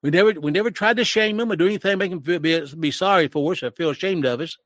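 A man's voice: sits high, fast, a bit bright, no echo, studio quality. An older man in his sixties giving emotional, preachy commentary in a sermon-like style, with his voice rising when he gets worked up.

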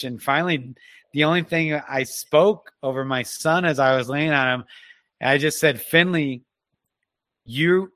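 A man giving an emotional personal testimony as a guest, earnest and halting, often restarting his sentences. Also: fairly high pitch, pushed and bright, no room sound. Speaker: guest telling a personal story.

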